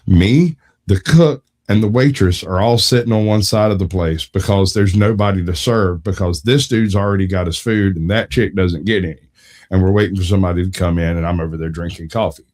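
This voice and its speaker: A man co-hosting a casual podcast, telling a long anecdote in an animated way, swearing freely and breaking into laughter. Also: mid-range voice. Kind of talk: casual storytelling chat.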